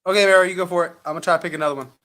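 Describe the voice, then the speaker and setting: A man's voice: sits high, fairly even intonation, racing, pushed and bright. A man hosting a show, chatting casually and coaching viewers while he makes live phone calls, upbeat and sympathetic. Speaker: real estate investor and show host.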